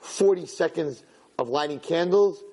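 A man doing a calm heavenly court. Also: fairly high pitch, breathy edge, low-quality recording. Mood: judicial. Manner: measured, judicial.

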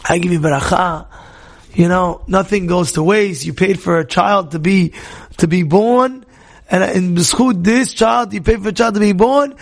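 A man voicing a sympathetic rabbi who consoles a couple and gives a blessing in a soft, repetitive way. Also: sits high, normal speed, gravelly. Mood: consoling. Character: consoling older male rabbi giving a blessing.

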